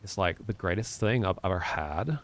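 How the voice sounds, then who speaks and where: A man's voice: deep voice, animated, normal speed. A man putting on a drawling surfer dude. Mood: carefree. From Minnesota, USA. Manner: drawling, exaggerated, airy. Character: laid-back male surfer dude from the West Coast.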